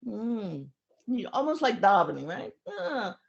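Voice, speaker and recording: A woman in her seventies recounting memories of her teacher in an emotional, pausing storytelling manner. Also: mid-range voice, sing-song, gravelly, muffled recording. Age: 70s. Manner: emotional, pausing, acts out voices in her stories. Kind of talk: reflective storytelling talk.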